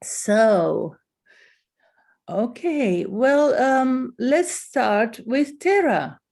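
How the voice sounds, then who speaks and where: Host type: woman, unhurried delivery, mellow tone, video-call welcome. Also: on the high side, lively intonation. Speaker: salon host. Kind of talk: online event hosting.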